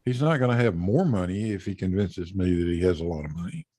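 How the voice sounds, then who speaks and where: Low gravelly guy hosting a chat, blunt and sweary, dry close sound. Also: fast talker, mellow, no room sound. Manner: blunt, profane, dry joking. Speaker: host. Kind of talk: casual chat.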